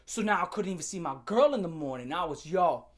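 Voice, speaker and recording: A man's voice: high voice, expressive, a little fast. A young man rants through a storytime video, swearing freely and dropping slang as he goes. He talks straight to his viewers and circles back over the same points, building up heat as he retells it. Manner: profane, slangy, heated ranting. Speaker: YouTuber telling a story. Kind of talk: storytime rant.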